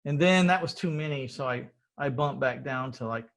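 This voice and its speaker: A man's voice: medium pitch, normal speed, vocal fry, a bit bright. A middle-aged man hosting an interview, telling his story in a rambling, earnest way and often repeating words. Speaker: podcast host.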